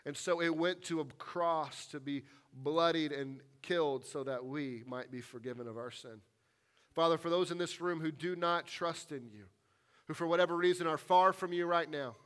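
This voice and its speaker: A man with a fairly high voice preaching to his congregation. He is earnest and deliberate. He slows right down on the weighty lines and falls to a near hush to land a point. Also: smooth. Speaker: pastor. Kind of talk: sermon and closing prayer. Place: church sanctuary.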